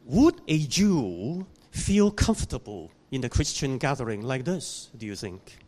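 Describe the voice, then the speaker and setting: A man preaching a sermon in a church, telling a story in a slow, deliberate way and putting questions to the congregation. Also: mid-range voice, big pitch swings, darkish tone. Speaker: pastor.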